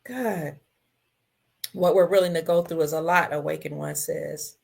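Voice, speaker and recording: A woman hosting a casual livestream, reading viewer comments, emotional and tearful, her voice swinging between soft and loud. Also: low-pitched, steady tone, a little slow, gravelly. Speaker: livestream host.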